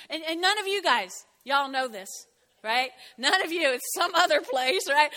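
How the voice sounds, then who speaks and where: A woman pastor preaches in a high, bright voice, animated and chatty, teasing her congregation between points. The sound carries a long reverb from the church hall around her. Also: normal speed. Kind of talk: lively sermon. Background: congregation shouting out.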